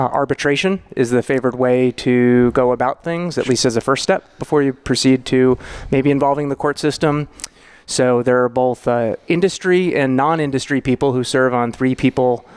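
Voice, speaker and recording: A man's voice: medium pitch, darkish tone, smooth. A man in his thirties from New York, a financial planner being interviewed, talking thoughtfully with many fillers. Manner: thoughtful, explanatory, with frequent fillers. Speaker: guest, family financial planner. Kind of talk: conversational podcast interview.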